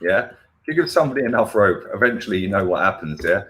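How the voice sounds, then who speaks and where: Ranting and swearing, this football fan channel host runs a heated chat, forever adding "yeah? right?" to what he says. He talks fast and expressively in a lowish voice with a fairly bright tone, and there's a little hiss or hum.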